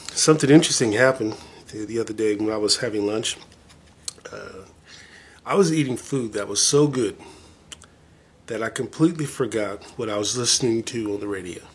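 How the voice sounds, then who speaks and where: A man with a lowish voice talks to his viewers in a loose, rambling vlog style. He sounds eager and pokes fun at himself. A faint hiss of noise sits under the recording. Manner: rambling, enthusiastic, self-deprecating. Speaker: vlogger showing his record collection. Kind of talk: casual chat to camera.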